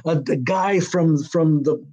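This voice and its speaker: A man's voice: on the high side, slow pace, warm tone, slightly rough, muffled recording. An older American man telling a story in an interview, rambling with many restarts and fillers. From United States. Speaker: TV writer-director being interviewed.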